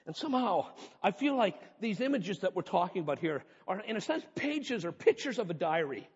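A man's voice: sits high, big pitch swings, a little fast, breathy edge. A man preaching a sermon as pastor, earnest and conversational, rising to impassioned peaks, recorded in a church. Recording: reverberant hall, dull muffled sound.

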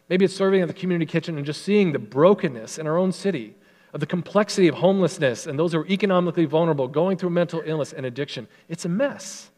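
A male pastor delivering an earnest, emphatic sermon in a fairly high voice. He slows down and softens when he reads scripture, and a long hall reverb trails behind his words.

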